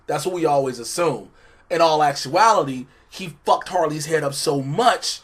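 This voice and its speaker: A man co-hosting a casual episode review, joking and chiming in with quick reactions. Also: on the high side, slightly rough. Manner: jokey, chimes in with quick reactions. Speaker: co-host reviewing a cartoon episode.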